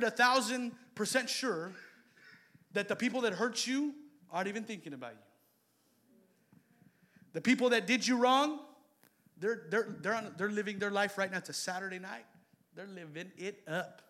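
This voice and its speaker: A man preaching with a high, bright voice. He builds to loud, shouted exhortations, then falls back to quiet, intimate asides. He delivers it as a passionate church sermon.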